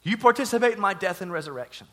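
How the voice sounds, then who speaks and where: Male preacher quoting Jesus, gentle calm teacher, soft slow delivery, high bright tone.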